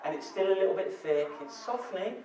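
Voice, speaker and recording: High-voiced man telling stories. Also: quick pace, noisy background. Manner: candid, joking, lively storyteller. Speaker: midwife. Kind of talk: live storytelling talk. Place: hall with audience. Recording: echoey hall, distant mic, audience. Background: audience laughter.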